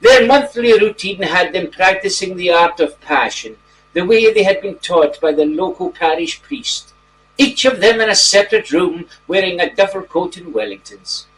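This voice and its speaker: Male actor as a genteel gentleman reading a bedtime story, high-pitched, faint hiss behind him. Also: lively intonation. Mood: storytelling. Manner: gentle, drawn-out storyteller delivery. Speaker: storybook reader. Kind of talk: mock children's bedtime story narration. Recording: distant mic, faint background noise.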